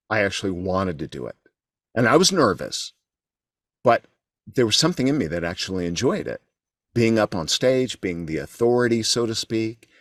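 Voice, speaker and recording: A middle-aged man speaks in a very low voice, recorded dry with no room sound. He is a guest on an interview show, telling a candid, self-deprecating story and often restarting his sentences. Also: no echo.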